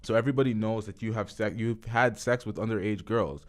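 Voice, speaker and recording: A man's voice: lowish voice, fairly quick. A man hosting a podcast, giving blunt, profane, offhand reaction commentary. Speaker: podcast host.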